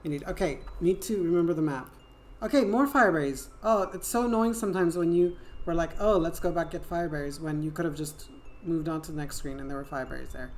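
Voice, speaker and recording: Woman streamer, French accent, lowish voice, casual playful chatter. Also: brisk, few pauses, darkish tone, a little hiss or hum. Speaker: game streamer. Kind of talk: casual gameplay chat.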